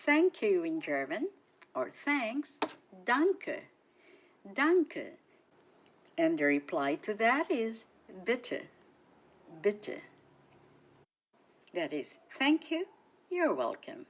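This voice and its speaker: A woman hosting a radio language lesson, speaking cheerfully in a sing-song teaching manner and slowly repeating each word for listeners. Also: medium pitch, sing-song. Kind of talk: slow, clearly enunciated language lesson.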